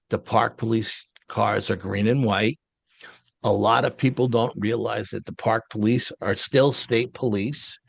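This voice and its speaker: A low, gravelly man tells his story as an interview guest. His talk is casual, blunt and colloquial. The sound is dry and close. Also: no echo. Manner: colloquial, blunt, street-wise phrasing. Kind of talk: casual first-person storytelling.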